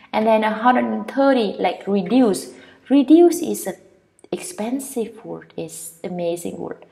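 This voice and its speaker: A woman with a Vietnamese accent, a native Vietnamese speaker, teaching an English pronunciation lesson and repeating each word with drawn-out vowels. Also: medium pitch, creaky, a little mellow.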